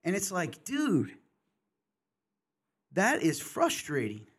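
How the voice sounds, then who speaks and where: A man's voice: high-pitched, wildly swooping pitch, takes it slowly, a bit bright, breathy edge. A middle-aged man hosting a podcast, talking candidly and passionately in casual chat, in bursts and restarts. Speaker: podcast host.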